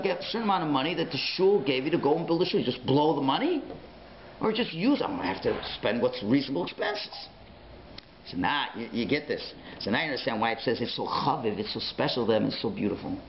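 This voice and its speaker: Rabbi, male, fast animated lecturer, swinging pitch, roomy dull recording. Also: a little hiss or hum. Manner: storytelling, acts out dialogue with big pitch swings. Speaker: rabbi teaching a Torah class. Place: synagogue learning centre classroom.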